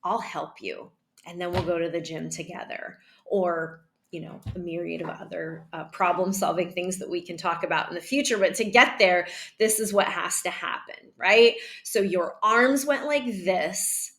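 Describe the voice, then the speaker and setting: A woman teaching a calm method for handling upset children, speaking gently and often checking in with "right?", sometimes dropping to a near whisper. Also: on the low side. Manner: calm, repeats "right?", models slow breathing. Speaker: early childhood educator. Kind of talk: teaching a parenting and classroom method.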